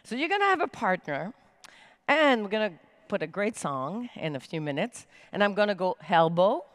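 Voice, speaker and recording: A woman giving a motivational talk from a conference main stage, energetic and emphatic, with big swings in pitch. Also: moderate pace, dry recording. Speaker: keynote speaker.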